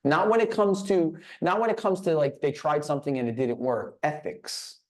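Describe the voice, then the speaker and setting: With a slightly high voice, wide pitch swings, and a brisk delivery, a man tells a story as a guest in a business leadership session. It's a motivational talk full of restarts, and he repeats words when starting phrases.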